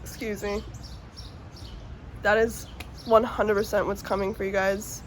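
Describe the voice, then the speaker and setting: In a casual, emotional tarot reading for her viewers, a woman speaks with a mid-range voice at a slightly slow, level pace. She's earnest, swears now and then, and is sometimes close to tears. A faint hiss or hum sits under the recording.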